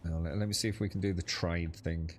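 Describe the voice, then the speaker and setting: A man's voice: low voice, steady tone, fast, a little hiss or hum. A young man chatting casually while playing a co-op game with friends, thinking aloud and laughing easily. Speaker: gamer streaming co-op play. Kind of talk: casual gaming chat.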